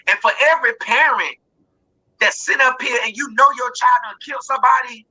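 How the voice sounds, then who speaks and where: A woman hosting an online talk panel, speaking with impassioned emphasis and often raising her voice to a shout. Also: a little high, fairly quick, slightly rough, low-quality recording. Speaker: host of online talk show.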